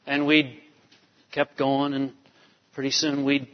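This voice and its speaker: A pastor telling a family story in a sermon, storytelling with many fillers. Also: male voice, mid-range voice, monotone, slow pace. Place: church sanctuary. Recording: dull reverberant church hall. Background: long hall reverb.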